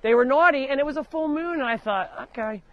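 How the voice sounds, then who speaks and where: A woman hosting a live show from her animal sanctuary, chatting casually outdoors and loudly scolding the animals. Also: high voice, fast, dull audio. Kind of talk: casual live-stream chat. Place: outdoors on a farm among animals.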